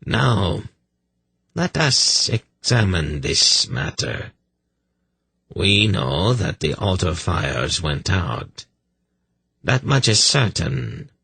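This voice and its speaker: A male audiobook narrator voicing a menacing older male sorcerer-priest who speaks in a calm, deadly, mocking way. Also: low voice, vocal fry, slightly rough, no room sound, full character voice. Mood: quietly menacing. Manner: slow, cold, mocking. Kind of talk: audiobook character reading.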